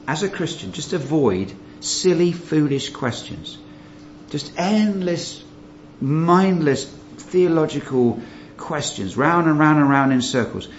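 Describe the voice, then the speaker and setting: A man's voice: on the high side, slight background noise. A man preaching a sermon, teaching verse by verse in an earnest manner and asking his listeners rhetorical questions. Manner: earnest Bible teaching with rhetorical questions, rising emphasis on key phrases. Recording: muffled roomy recording.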